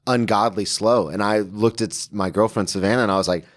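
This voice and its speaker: Young male comic host from Florida, relaxed, rambling podcast talk. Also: fairly low pitch, a little fast. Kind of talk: casual podcast chat.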